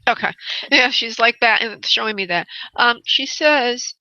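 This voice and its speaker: A woman hosting a call-in psychic radio show, speaking gently and calling callers honey and love, with many uh fillers. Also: on the high side, measured pace, dry recording, muffled recording. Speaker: psychic medium radio host.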